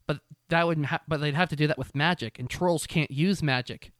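Brief: young male co-host, lively storyteller, swears a lot, clear voice on the higher side. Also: a little fast, no room sound, clean studio sound. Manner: animated storytelling, swears freely, acts out characters. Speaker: podcast co-host. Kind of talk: casual recap chat.

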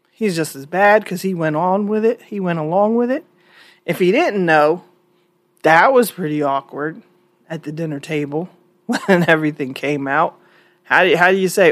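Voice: medium pitch, expressive, a little slow, no echo. A vlog host giving frank, casual opinion commentary, often restarting words mid-sentence.

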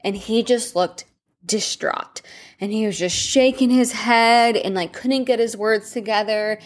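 A woman's voice: fairly high pitch, unhurried. A woman nutrition coach hosting her own podcast, telling a personal story in a chatty, meandering way.

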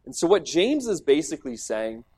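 Animated high-voiced preacher. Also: male voice, normal speed, husky. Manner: emphatic, acts out quoted speech, repeats words when starting a thought. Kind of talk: sermon teaching on scripture.

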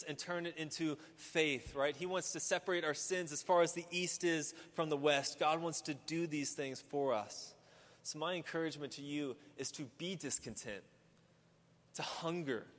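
A male pastor delivering a sermon, building from quiet reflection to emphatic, repeated preaching. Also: a little high. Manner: rising to emphatic, repetitive preaching. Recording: long hall reverb.

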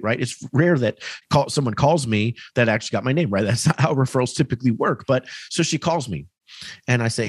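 Man in his thirties, podcast guest, animated storyteller, dry close sound. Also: mid-range voice, fairly quick, breathy edge, dry recording. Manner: animated storyteller, acts out dialogue. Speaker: real estate agent. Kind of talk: podcast conversation.

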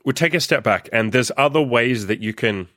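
A man's voice: mid-range voice, expressive, normal speed, fairly bright tone, no echo, studio quality. Profane, fired-up male podcast ranter. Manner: profane, blunt, fired-up and scolding. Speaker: podcast host and coach. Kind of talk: ranting solo podcast monologue.

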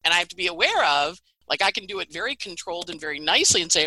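A chatty middle-aged woman talking through the week's astrology with lively animation and the odd laugh. Her voice is very bright and tense, recorded close and dry with no room sound. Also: fairly low pitch, racing, no room sound, rough recording. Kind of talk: casual astrology forecast chat.

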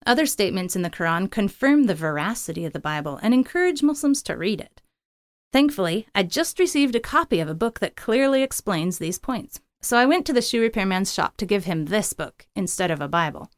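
A woman's voice: mid-range voice, lively intonation, a little fast, no echo, studio quality. Earnest woman reading a missionary story. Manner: earnest, gentle first-person reading. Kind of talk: scripted narration.

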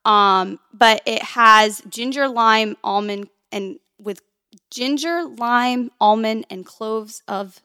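A woman's voice: on the high side, slow, sharp tone, smooth, no room sound, studio quality. A woman co-hosting a casual chat podcast, giggly and chatty, explaining drink recipes. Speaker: podcast co-host.

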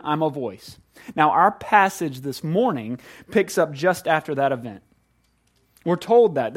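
A man preaches in a church sanctuary in a conversational, animated way, often restarting his sentences. His voice sits a little high for a man. He moves between quiet prayer and lively storytelling. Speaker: pastor. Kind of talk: sermon.

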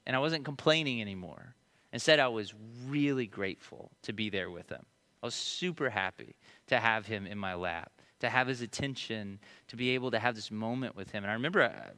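A man in his thirties preaching a sermon, telling personal stories in a conversational way and moving between emphatic questions and quiet prayer. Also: fairly high pitch, smooth. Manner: conversational storytelling, rising to emphatic questions then dropping to hushed prayer. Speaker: pastor.

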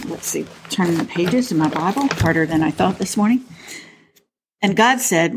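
A woman's voice: mid-range voice, unhurried. A woman co-hosting a podcast, talking casually in a chatty, playful way and reading scripture aloud. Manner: chatty and playful, with frequent restarts. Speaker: podcast co-host.

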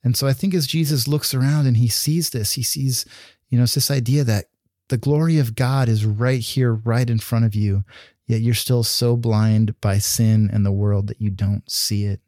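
A man's voice: medium pitch, steady tone, moderate pace, darkish tone, dry recording, studio quality. A man preaching a sermon in an earnest, conversational way, with restarts and fillers. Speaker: pastor.

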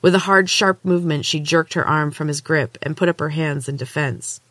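A woman podcast host narrating a novel chapter aloud in a steady, measured way. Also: low voice, no echo. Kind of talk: storybook narration.

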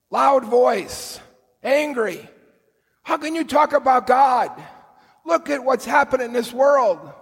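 A husky, fairly high-pitched male voice delivers an earnest sermon, slowing down to stress key points. The sound carries a long reverb, like a church hall. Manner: earnest storytelling preacher, slow deliberate emphasis. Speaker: priest.

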